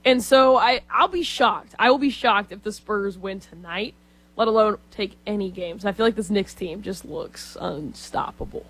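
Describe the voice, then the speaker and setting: A woman's voice: medium pitch, normal speed, a bit bright, low-quality recording. A woman in her twenties from Texas, co-hosting a casual sports talk show and rambling with lots of fillers.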